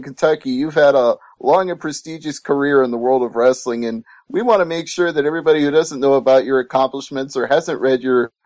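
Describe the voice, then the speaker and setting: A man's voice: mid-range voice, darkish tone, dry recording. A man hosting an online radio interview, upbeat and laughing easily with his guest. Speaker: radio show host.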